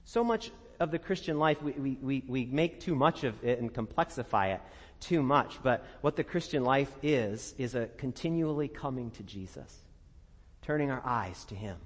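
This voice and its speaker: Earnest pastor preaching in a reverberant church. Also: male voice, animated, normal speed, husky. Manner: earnest, conversational, laughs often, drops soft and low for prayers. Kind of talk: sermon.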